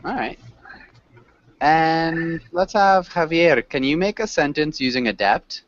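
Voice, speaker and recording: A man's voice: fairly high pitch, takes it slowly, dry recording, muffled recording. A man teaching an online English class, patiently coaching students on words and pronunciation.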